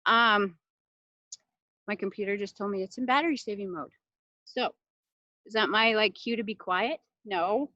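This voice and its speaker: A woman hosting a casual live class, talking in a chatty, heartfelt way with lots of fillers and bursts of animated excitement, into a laptop microphone. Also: medium pitch, normal speed, long pauses, dry recording, highs cut off. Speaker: class host presenting essential oils.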